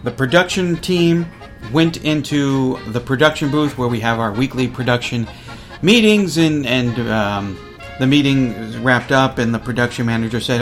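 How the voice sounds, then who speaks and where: A man's voice: medium pitch, moderate pace, faint music behind. A man hosting a college radio show, telling a story casually and acting out other people's lines.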